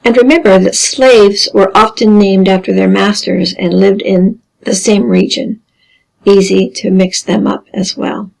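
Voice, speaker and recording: Gravelly-voiced woman teaching genealogy. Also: medium pitch, poor audio. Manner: dry deadpan humor, measured explanatory pace. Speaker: genealogy instructor. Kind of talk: recorded lesson over slides.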